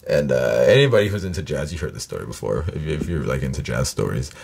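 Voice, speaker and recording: Deep-voiced man rambling, profane. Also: animated, quick pace, gravelly, a little mellow, slightly rough. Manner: profane, rambling, many fillers. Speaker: reaction video host. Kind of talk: rambling casual monologue.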